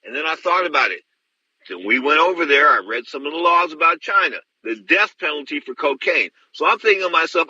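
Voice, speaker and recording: A man's voice: on the high side, expressive, brisk, bright, forceful tone, husky, no room sound, muffled recording. A middle-aged man hosting a show, telling stories bluntly and rambling with many restarts. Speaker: host. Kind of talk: casual storytelling.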